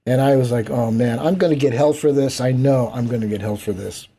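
Warm-voiced man telling a story. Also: mid-range voice, fairly quick, breathy edge. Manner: animated anecdotes, acts out quoted voices. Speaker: interview guest, event producer. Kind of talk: storytelling in casual interview.

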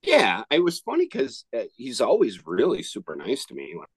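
Lively-voiced man telling a story. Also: medium pitch, moderate pace, gravelly, slightly rough, dry recording. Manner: rambling storyteller, many restarts. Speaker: podcast co-host. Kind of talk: casual podcast chat.

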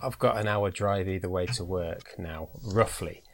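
A man's voice: deep voice, normal speed, slight background noise. A British man hosting a podcast in casual chat, talking in a chatty way and often repeating words as he thinks. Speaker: podcast host.

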